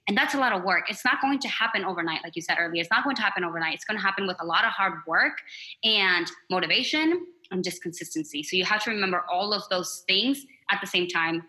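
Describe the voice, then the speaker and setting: A woman's voice: mid-range voice, fast, sharp tone, rough recording. A young woman as a podcast guest, speaking candidly and from the heart, with many fillers. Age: young adult. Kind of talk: casual podcast chat.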